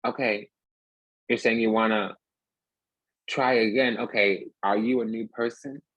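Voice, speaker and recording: A man's voice: lowish voice, fairly even intonation, unhurried, fairly bright tone, dry recording, dull audio. A man giving a rambling, emphatic casual tarot reading, talking restlessly from card to card. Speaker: tarot reader.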